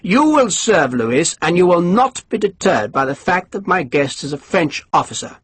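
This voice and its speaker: A man voicing a suave, scheming English colonel who lectures his servant in a smooth, condescending way, in an audiobook. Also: sits high, big pitch swings, normal speed, fairly bright tone, no echo, voice pushed up, exaggerated voice.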